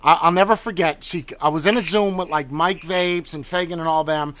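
A man in a remote casual chat, animated and joking, swearing freely. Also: on the high side, brisk, no echo. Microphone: remote call.

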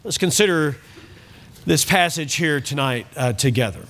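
A man's voice: on the high side, lively intonation, normal speed, fairly bright tone. A man pastor preaching a sermon, emphatic and fond of repeating key phrases.

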